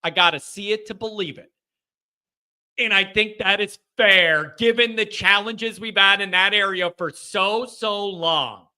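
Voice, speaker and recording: A man hosting a casual live call-in fan show, talking in an animated way and often laughing. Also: sits high, unhurried, smooth. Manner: animated, laughing, mocking chat comments in a shouted voice. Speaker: host of a fan call-in livestream.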